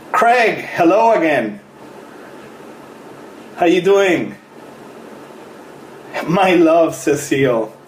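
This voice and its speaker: A man, a fitness coach, chatting casually on a live stream, greeting viewers by name and laughing often. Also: fairly high pitch. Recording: roomy echo with faint noise.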